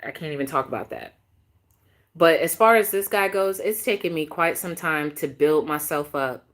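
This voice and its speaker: A woman in her thirties telling a dating story on a casual live stream, animated and emphatic, repeating phrases for effect. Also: low-pitched.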